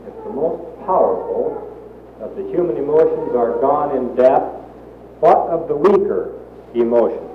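A man delivers a Bible sermon in a slow, deliberate way, leaning on key words. His voice sits a little high. The recording is tinny and roomy, with a faint hiss behind it. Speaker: preacher.

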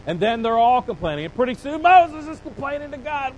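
A man preaching a sermon, animated and dramatic, acting out the complaints of biblical figures as he retells a scripture passage. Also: extremely high pitch, brisk, hardly any pauses, a little hiss or hum, poor audio. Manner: animated preaching, voicing Bible figures with rising emphasis. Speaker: pastor.

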